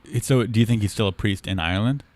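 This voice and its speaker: A man hosts a casual podcast interview, delivering jokes with a straight face and calmly doubling down on silly ideas. His voice sits a bit low for a man, with an easy conversational pace. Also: fast talker. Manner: deadpan joking, plays along with absurd theories. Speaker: podcast host.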